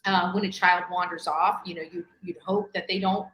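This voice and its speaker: A woman hosting a true-crime video, rambling with halting fillers and restarts. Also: fairly low pitch, little pitch movement, fairly bright tone, roomy sound, low-quality recording. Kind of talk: rambling livestream commentary.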